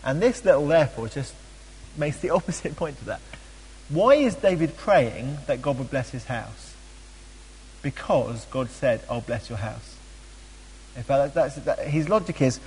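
A man teaching a Bible study, chatty and animated, with frequent ums and playful asides. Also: mid-range voice, measured pace, husky, long reverb tail, poor audio.

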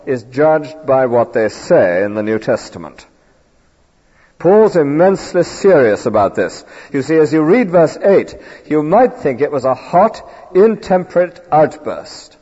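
A man delivers an emphatic sermon with a lively, rising and falling pitch and a mellow, husky tone. His voice rings with long reverb through a church, captured on a dull lo-fi recording. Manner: earnest, emphatic expository preaching. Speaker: preacher.

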